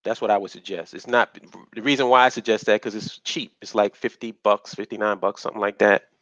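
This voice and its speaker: A man's voice: on the low side, fairly even intonation, fairly quick, fairly bright tone, dry recording, dull audio. A man hosting a casual live stream, talking bluntly and rambling, with profanity, on a budget USB mic.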